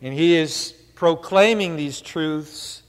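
Slow earnest preacher guy, kinda high voice, walks thru scripture bit by bit. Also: clean tone, long reverb tail. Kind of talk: sermon.

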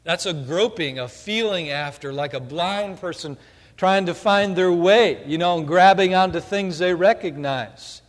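A man's voice: sits high, unhurried. A man preaching a sermon, earnestly explaining scripture step by step, in a long church-hall reverb.

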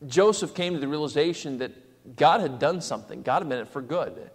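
A man's voice: on the high side, lively intonation, fairly quick. A man preaching a sermon in a conversational way, slipping into acted asides. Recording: long hall reverb.

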